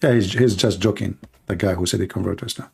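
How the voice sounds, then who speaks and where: A man hosting a live-streamed call-in debate, talking in a mocking, sarcastic way and laughing at his callers, with halting restarts. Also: deep voice, creaky, dark tone, husky.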